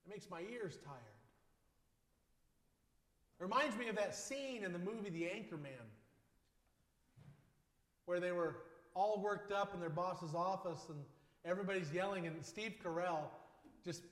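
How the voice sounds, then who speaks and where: A male pastor delivering a sermon in measured phrases, building on repeated lines and often dropping to a soft voice. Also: high-pitched. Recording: echoey hall with long reverb.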